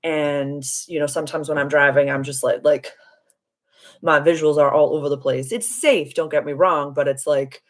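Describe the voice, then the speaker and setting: A woman hosting a live stream as a spiritual coach, telling a story in an animated, giggly way and answering viewer comments. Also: deep voice, normal speed. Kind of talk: casual live-stream chat.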